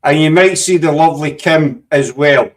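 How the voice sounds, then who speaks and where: A Scottish man hosts a loose video-call chat, cracking jokes and teasing his guests. His voice sits on the higher side and sounds a little distant from the microphone. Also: normal speed. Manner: jokey, teasing, rambling. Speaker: host. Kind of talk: casual chat.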